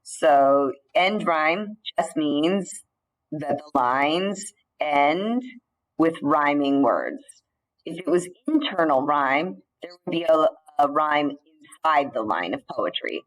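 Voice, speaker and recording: A woman teacher giving a recorded slide lecture, explaining in a measured way with the odd filler and restart. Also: low voice, animated, poor audio.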